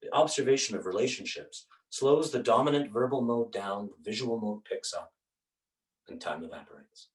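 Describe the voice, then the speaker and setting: A man performing a one-man theatre show. He tells the story in an animated way with dramatic asides, and paints on stage while he talks. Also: medium pitch, normal speed. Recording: roomy stage sound from a distance.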